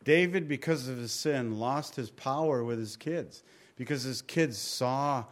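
A pastor teaching through scripture in a conversational sermon, repeating key phrases for emphasis and dropping to a quiet voice at the ends of phrases. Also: male voice, mid-range voice, a little slow.

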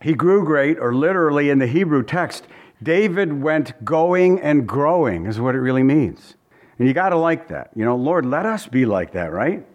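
A man's voice: fairly high pitch, big pitch swings, moderate pace, dull audio. Casual pastor guy walking through a bible passage, folksy and chatty, repeats himself. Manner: folksy, conversational, repeats phrases. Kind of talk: verse-by-verse Bible teaching.

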